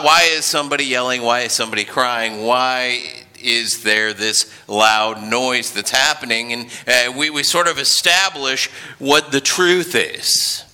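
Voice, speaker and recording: A man in his thirties preaches with a strikingly bright, ringing tone and a fairly high voice. He speaks slowly and reflectively, circling back over words before landing on them. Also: smooth. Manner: hesitant, repeats words, slow and thoughtful. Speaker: pastor. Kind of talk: sermon.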